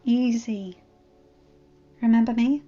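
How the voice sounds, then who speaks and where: A woman voicing a caring young man who soothes an injured dragon softly in a storybook reading. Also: fairly high pitch, fairly even intonation, takes it slowly, lo-fi sound, soft background music. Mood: soothing. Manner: soft, soothing.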